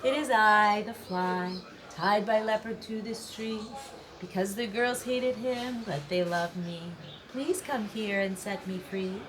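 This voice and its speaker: A woman's voice: medium pitch, takes it slowly, a crowd in the background, lightly acted. A woman voicing a small vain fly, pleading in a sing-song way.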